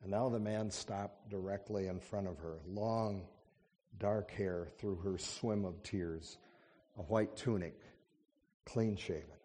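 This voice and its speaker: A man preaching a sermon and reading a story with slow, dramatic storytelling that swells to fervent passages. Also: lowish voice, fairly even intonation, dark tone. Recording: long hall reverb.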